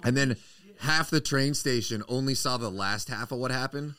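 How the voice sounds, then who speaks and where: A man's voice: mid-range voice, normal speed, bright, forceful tone, no echo. A young man, a podcast guest, telling a profane story with lots of acted-out quotes. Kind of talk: casual storytelling.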